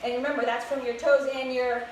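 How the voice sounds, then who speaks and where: Slightly out of breath, a bright-voiced young fitness instructor coaches children through a live workout class in an open outdoor space, her high voice upbeat yet level in tone and a little fast. She sounds distant from the microphone, with strong echo and clear background noise.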